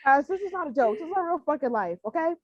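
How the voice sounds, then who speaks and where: High-voiced young woman pleading between laughs. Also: lively intonation, fast talker, a little mellow. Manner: emotional, pleading and laughing, swears freely. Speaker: podcast co-host. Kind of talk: casual chat. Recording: dry, dull lo-fi sound.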